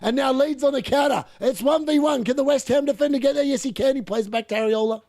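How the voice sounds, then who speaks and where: An excitable man giving live football commentary and reaction, shouting at missed chances and mocking the players. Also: very high-pitched, quick pace. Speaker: watchalong streamer.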